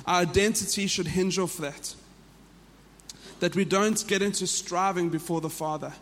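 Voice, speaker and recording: A man's voice: sits high, normal speed, fairly bright tone, long reverb tail. A man with a South African accent, preaching a sermon to a church in an earnest way that often repeats and restarts phrases. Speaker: pastor.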